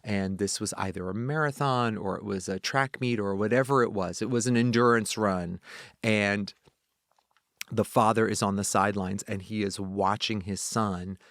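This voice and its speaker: Guy voice actor telling a story, kinda low voice, does silly high voices for quotes, dry close mic. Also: normal speed, a bit bright, no room sound. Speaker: voice actor and director, guest. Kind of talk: casual storytelling chat.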